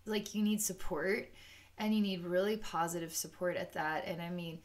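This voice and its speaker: A woman's voice: lowish voice, fairly even intonation, normal speed. A woman giving a psychic energy-healing session off the cuff, rambling with many fillers and voicing the chakras in little quoted asides. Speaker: psychic reader.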